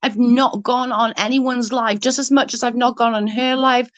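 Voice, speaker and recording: A woman's voice: a little high, fairly even intonation, normal speed, no echo. A young adult woman ranting heatedly in casual chat, swearing often and restarting her sentences. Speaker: livestream guest.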